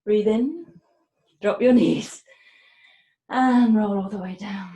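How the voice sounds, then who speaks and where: A woman yoga teacher talks a class through breath and movement in a slow, soft cadence. Her voice is mellow and dark, and it rings in an echoey room. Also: mid-range voice. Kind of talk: guided yoga class instruction.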